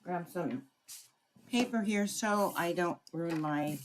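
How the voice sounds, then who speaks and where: A woman's voice: on the low side, slow pace, a little hiss or hum. A woman running a live crafting tutorial, chatting through each step and greeting viewers by name. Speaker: craft demonstrator.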